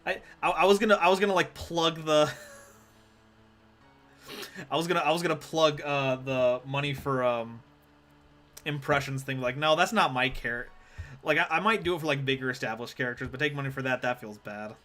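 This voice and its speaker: A man's voice: medium pitch, brisk, a bit bright, faint music behind. A man streaming a card game live, rambling and self-deprecating as he chats with his viewers. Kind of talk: live gameplay commentary.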